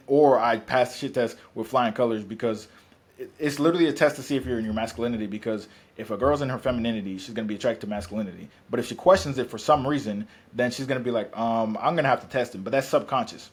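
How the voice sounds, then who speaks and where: A man's voice: medium pitch, breathy edge. A man who works as a fitness coach, talking bluntly and profanely in casual podcast chat, rambling with restarts.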